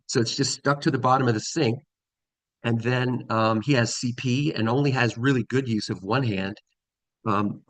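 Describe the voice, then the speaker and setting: A man's voice: medium pitch, no room sound. A middle-aged man giving a casual conference talk from slides, with many ums and restarts. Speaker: conference presenter.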